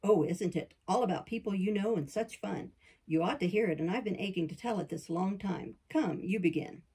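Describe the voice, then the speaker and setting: A woman's voice: mid-range voice, a little fast, warm tone, breathy edge, low-quality recording. A woman voicing a playful, good-natured young man in an audiobook, coaxing and teasing. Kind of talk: audiobook character reading.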